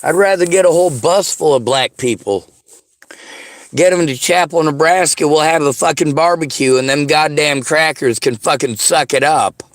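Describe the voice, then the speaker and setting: A man's voice: fairly high pitch, moderate pace, no room sound, studio quality. A man delivering a sarcastic, profanity-laced rant straight to his audience. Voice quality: sarcastic, combative. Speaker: vlogger. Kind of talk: angry profane rant to camera.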